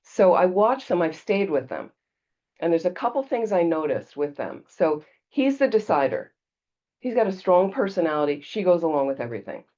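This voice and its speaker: Low-voiced woman Buddhist teacher. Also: big pitch swings, normal speed, mellow, highs cut off. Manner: conversational storytelling, checks in with "okay?". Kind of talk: casual dharma talk.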